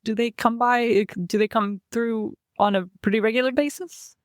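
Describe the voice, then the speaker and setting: A woman's voice: fairly high pitch, steady tone, moderate pace, no room sound, studio quality. A woman playing a tabletop game, politely asking questions in a casual tone. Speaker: player.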